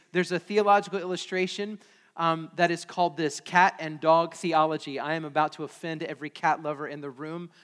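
A man preaching a sermon as pastor in a church, moving from quiet prayer to loud, emphatic preaching. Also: high-pitched, clear, resonant tone. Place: church sanctuary. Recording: long hall reverb.

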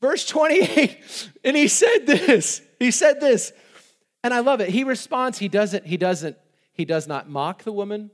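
High-voiced, animated preacher man. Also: unhurried. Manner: animated, laughing, asks rhetorical questions. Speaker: pastor. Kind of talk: sermon.

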